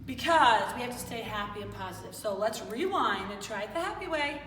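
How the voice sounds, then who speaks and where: Fairly quick and fairly bright, a kindergarten teacher's voice sits on the high side with lively intonation as she leads an online class for little kids. Her manner is upbeat, coaxing, and sing-song. Slight background noise, faint ambience, roomy echo, and a distant mic color the recording.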